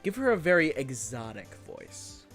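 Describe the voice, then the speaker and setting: A man's voice: mid-range voice, normal speed, slightly rough. Guy playing a game with a friend, swearing, voice swings up and down a lot, faint music. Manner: crude, animated, joking. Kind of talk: casual game commentary and voicing.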